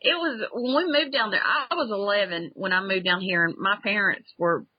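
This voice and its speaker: A woman's voice: mid-range voice, moderate pace. A middle-aged woman with a thick Southern accent from upstate South Carolina, a baker and cookbook author telling folksy stories in a casual interview. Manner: folksy, chatty storyteller. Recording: muffled lo-fi line.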